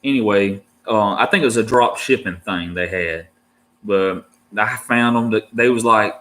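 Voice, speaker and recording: A fairly low, slightly bright voice comes from a married adult reptile keeper who talks a little slowly. He rambles casually to the people watching, easygoing and full of slang like "dude" and "man."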